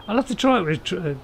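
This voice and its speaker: A middle-aged man gives chatty, jokey live-stream commentary, chuckling and reading his viewers' messages aloud. His voice sits a little higher than most men's. A faint hum of ambient noise runs under his desk mic. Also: gravelly, rough recording. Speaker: gameplay streamer.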